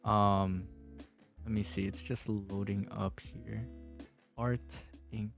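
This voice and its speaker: A man's voice: lowish voice, little pitch movement, slow, creaky, music in the background. Rambling man laughing through casual chat. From Philippines. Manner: laughs often, rambling with many fillers and restarts. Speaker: podcast guest.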